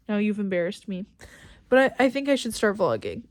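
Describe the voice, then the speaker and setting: A woman's voice: mid-range voice, very animated, a little fast, darkish tone, no room sound. A woman chatting casually to the camera in a self-conscious, teasing way. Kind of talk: casual vlog chat.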